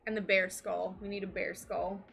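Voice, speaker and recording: A woman's voice: mid-range voice, level tone, moderate pace, creaky. A woman chatting casually and giggling as she works on stained glass during a live stream, reading out messages from her viewers. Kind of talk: casual live-stream chat while crafting.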